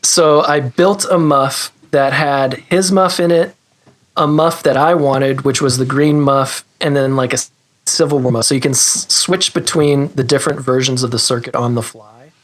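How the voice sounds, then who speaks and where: Male podcast guest, mid-pitched, rambling, self-mocking, casual. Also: fairly even intonation, moderate pace. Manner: rambling, self-deprecating, laughs. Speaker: guest, guitar pedal maker. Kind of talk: casual interview chat.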